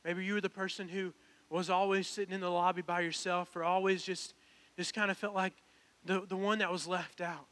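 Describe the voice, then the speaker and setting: A man's voice: sits high, level tone, normal speed, fairly bright tone. A young man, preaching a personal, earnest sermon that builds to emphatic calls. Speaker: pastor. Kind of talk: sermon with altar call.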